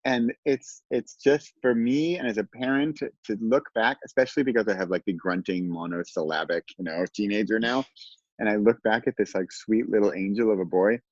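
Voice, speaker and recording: Deep-voiced animated man on a call. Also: a little fast, dry recording, lo-fi sound. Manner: animated, laughs often, acts out quotes. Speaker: guest. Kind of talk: casual conversation.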